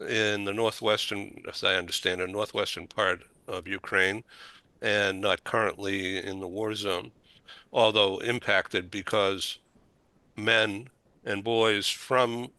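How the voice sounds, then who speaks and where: A man's voice: on the low side, sharp tone, no echo. A man hosting a talk show interview, speaking in an effusive, emotional way. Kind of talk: interview conversation.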